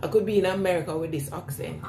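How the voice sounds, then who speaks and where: A woman's voice: on the low side, fast, recorded from a distance, background noise. A woman with a noticeable accent, chatting casually with her viewers and answering their comments while washing her hair. She laughs often and repeats herself as she replies. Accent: non-standard English accent. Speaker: vlogger reading live chat. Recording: echoey room with clear background ambience.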